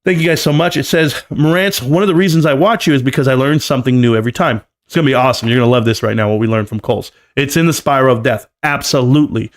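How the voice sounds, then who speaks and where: A man's voice: medium pitch, quick pace, hardly any pauses. A man giving live stream market commentary, emphatic and lecturing, often repeating key numbers. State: coughing, choked up.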